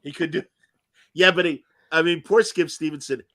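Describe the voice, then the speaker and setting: A man's voice: fairly high pitch, steady tone, normal speed, sharp tone, no room sound. A middle-aged man co-hosting a podcast, chatting casually and rambling through his stories with lots of restarts. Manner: rambling with frequent fillers and restarts. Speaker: podcast co-host. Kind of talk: casual chat.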